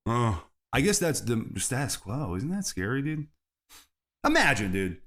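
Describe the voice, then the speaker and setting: A man's voice: mid-range voice, big pitch swings, a little slow, a bit bright. A man hosting a solo comedy podcast, rambling from bit to bit and laughing at his own jokes. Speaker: podcast host.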